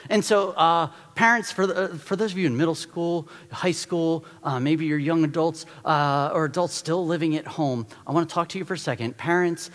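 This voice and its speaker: Middle-aged pastor guy preaching, kinda high voice, pushy and animated, big hall echo. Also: a little fast. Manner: animated, exhorting and repeating for emphasis. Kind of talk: sermon. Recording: long reverb of a large hall.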